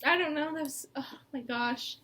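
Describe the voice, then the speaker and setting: Bright high-voiced tearful young woman. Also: moderate pace, a little hiss or hum. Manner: rambling, laughing through tears. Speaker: co-host. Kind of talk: emotional personal sit-down talk. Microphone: mic.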